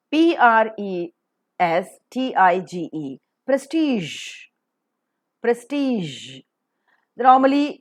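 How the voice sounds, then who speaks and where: Woman teaching pronunciation. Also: medium pitch. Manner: spells words letter by letter, then repeats them slowly and deliberately. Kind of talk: phonetics lesson, spelling out and modeling words.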